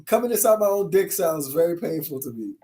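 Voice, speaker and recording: A man's voice: a little high, big pitch swings, a little fast, warm tone. A man hosting a casual podcast, joking around with loose, profane banter. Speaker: podcast host. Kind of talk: casual chat.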